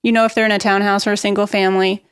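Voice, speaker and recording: A woman speaking as a guest expert on a real estate podcast. She gives practical marketing advice in a brisk, upbeat way. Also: mid-range voice, flat delivery, clean tone, no room sound, clean studio sound. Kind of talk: podcast interview, explaining marketing tips.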